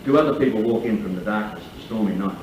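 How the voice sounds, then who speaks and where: At a lunch held in a large function room, the male emcee races through jokes and a long, profane tall tale. His pitch is fairly low, and the distant, echoey capture sounds dull, with background noise.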